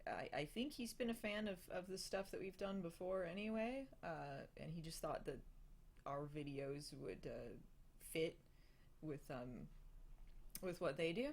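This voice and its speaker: A young adult woman with a lowish voice hosts a casual live hangout stream at a measured pace. She answers viewer questions, laughing often and using plenty of fillers and restarts.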